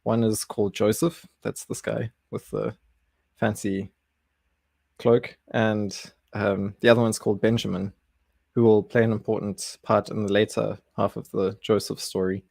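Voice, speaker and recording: Low gravelly man hosting a study stream. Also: level tone, moderate pace, a little mellow, no room sound. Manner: easygoing, chuckles and restarts often. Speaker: Bible study host. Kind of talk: casual livestream teaching.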